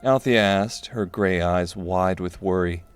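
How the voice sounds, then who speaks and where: Deep-voiced male audiobook narrator. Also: a little slow, smooth, soft background music. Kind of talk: scripted fantasy narration.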